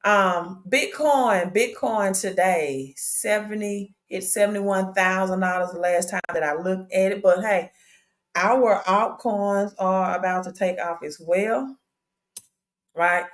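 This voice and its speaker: A woman's voice: mid-range voice, slow. A woman with a Southern US accent hosts a casual crypto livestream in a chatty, upbeat way, greeting viewers over and over. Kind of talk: casual live-stream chat. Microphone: own microphone.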